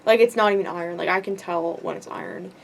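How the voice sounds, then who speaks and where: A woman's voice: lowish voice, fast talker, vocal fry. A teenage girl in a rambling vlog rant, frustrated and self-deprecating, swearing often and filling her talk with "like". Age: teens. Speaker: vlogger. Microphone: camera.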